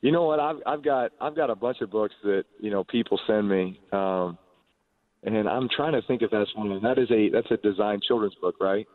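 Middle-aged guy on a phone line, lowish voice, stops and restarts a lot, dry tinny sound. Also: no echo. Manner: halting, many restarts and fillers. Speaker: quarterback guest. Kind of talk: casual radio phone interview.

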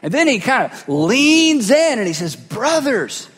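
High-voiced pastor preaching in a reverberant hall. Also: male voice, big pitch swings, moderate pace, a bit bright. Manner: emphatic, repeats phrases for effect. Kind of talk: sermon. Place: church sanctuary. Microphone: cheek microphone.

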